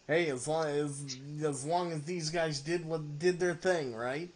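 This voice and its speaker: A man hosting a podcast interview, easygoing and quick to laugh. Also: a little high, fairly even intonation. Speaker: podcast host. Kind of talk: casual interview.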